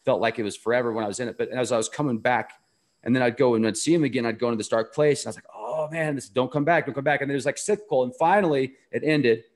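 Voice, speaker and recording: A man's voice: medium pitch, rapid-fire. Earnest, rambling man telling a story. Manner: earnest, enthusiastic, rambling delivery. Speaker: interview guest. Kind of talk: casual conversational storytelling.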